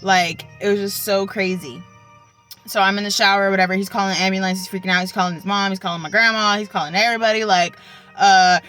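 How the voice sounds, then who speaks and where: A woman's voice: medium pitch, fairly quick, pushed and bright, soft background music, poor audio. A young woman casually telling a personal story, chatty and full of likes and ums. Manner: chatty, filler-heavy, with many likes and ums. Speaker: vlogger.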